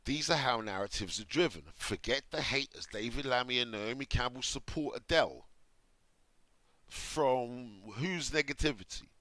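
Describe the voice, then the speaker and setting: A man's voice: medium pitch, moderate pace, pushed and bright, dry recording. A middle-aged man from Jamaica giving off-the-cuff commentary, reading articles aloud and reacting with sarcasm. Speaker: commentary host.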